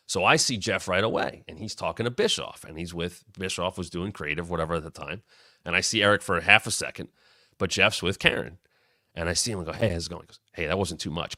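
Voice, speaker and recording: A man in his thirties hosting a show, telling a rambling, animated story with many restarts. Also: fairly low pitch, dry recording, studio quality. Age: 30s. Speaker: host. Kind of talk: casual storytelling.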